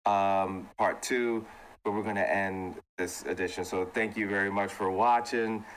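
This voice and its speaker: A man's voice: lowish voice, fairly even intonation, unhurried, slight background noise. A man hosting a casual panel chat, signing off a live show with loose, rambling remarks and fillers. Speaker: podcast host and producer.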